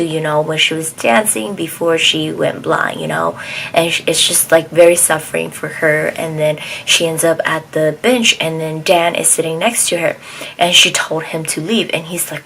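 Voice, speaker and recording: Lady with a low gravelly voice rambling through a drama recap, lots of ums and likes, faint hiss behind. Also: normal speed, a bit bright, poor audio. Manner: rambling, many fillers and restarts, acts out lines. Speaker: drama reviewer. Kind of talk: casual plot recap.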